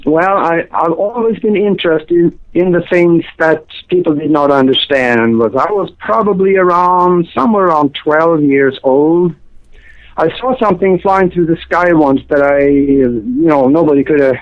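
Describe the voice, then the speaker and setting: A man's voice: a little high, normal speed. Older man on a tinny phone line. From Norway. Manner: rambling, hesitant, with many fillers. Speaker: guest. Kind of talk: casual interview. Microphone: cell phone.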